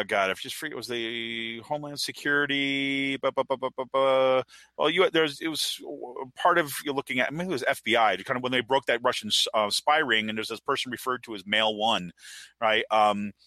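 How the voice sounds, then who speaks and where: Animated, rambling male podcast host. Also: mid-range voice, normal speed, dry recording. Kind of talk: casual political chat.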